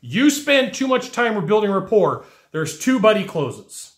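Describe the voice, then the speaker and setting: Energetic male sales coach, a touch high-voiced, recorded in a reverberant room. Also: measured pace. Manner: animated, acts out whiny customer voices. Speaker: sales trainer. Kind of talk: energetic teaching monologue.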